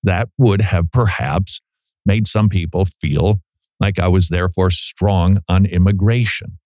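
A middle-aged man, a pastor, giving a folksy, animated commentary with frequent restarts on a close studio mic. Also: deep voice, measured pace, no echo. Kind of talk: conversational commentary monologue.

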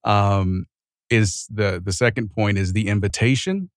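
A man's voice: fairly low pitch, unhurried, no room sound, clean studio sound. A man co-hosting a radio talk show, laughing along and reading out sermon notes and listener questions. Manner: laughs often, plays along. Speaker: radio co-host.

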